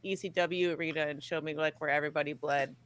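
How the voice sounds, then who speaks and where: A woman's voice: sits low, steady tone, fast talker, a loud crowd. A woman in her thirties chatting as an interview guest, rambling and leaning on fillers like "like". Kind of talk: casual interview chat.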